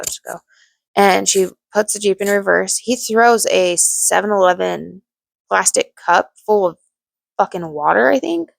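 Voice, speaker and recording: Gravelly young woman telling her story. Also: medium pitch, dry recording. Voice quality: gravelly vocal fry. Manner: candid, blunt, swears freely, restarts often. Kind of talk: personal storytime monologue.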